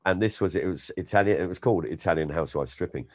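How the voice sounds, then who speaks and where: A man, a comedian, chatting as an interview guest and telling stories in an animated way, often slipping into impressions. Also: low-pitched, fast talker. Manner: animated storyteller, slips into impressions. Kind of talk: casual interview chat.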